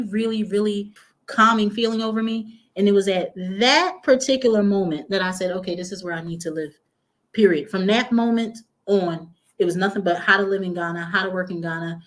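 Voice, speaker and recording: A woman from North Philadelphia with a Philadelphia accent, telling her life story as a guest in a casual interview and acting out the voices of the people in it. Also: on the low side. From North Philadelphia, USA. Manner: animated, acts out quoted voices, slangy.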